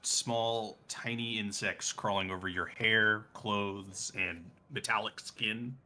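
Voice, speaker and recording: A man running a tabletop game as game master, unhurried as he describes scenes and calls for rolls. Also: fairly low pitch, fairly even intonation, pushed and bright.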